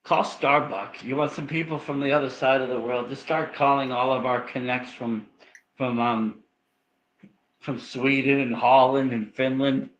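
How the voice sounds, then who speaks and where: A man's voice: mid-range voice, fairly even intonation, unhurried, a bit bright, highs cut off, a little hiss or hum. A man from Massachusetts with a Boston accent, co-hosting a casual late-night chat with joking, profane banter. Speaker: co-host.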